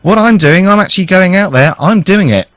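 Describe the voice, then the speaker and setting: A man with a slightly high voice speaks bluntly into a dry studio microphone on a radio show. He halts and repeats himself often, with a casual chatty tone. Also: animated, fairly quick, fairly bright tone, no echo. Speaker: studio guest, council candidate.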